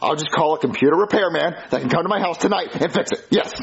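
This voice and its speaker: A man's voice: on the high side, fast talker, lo-fi sound, natural voice. A man playing an impatient, exasperated customer with a broken laptop in a comedy sketch. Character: impatient male customer, demanding, fed up.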